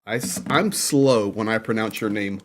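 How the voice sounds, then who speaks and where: A man's voice: lowish voice, normal speed. A man hosting a casual livestream from Ukraine, reading out viewer names and greeting them one by one. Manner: upbeat, reads out viewer names and shout-outs. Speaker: livestream host. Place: indoors in Ukraine.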